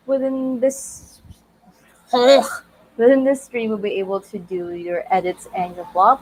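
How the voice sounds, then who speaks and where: A woman's voice: medium pitch, a little hiss or hum, low-quality recording. A woman in her thirties hosting a casual writing livestream, bubbly and greeting viewers by name. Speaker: livestream host.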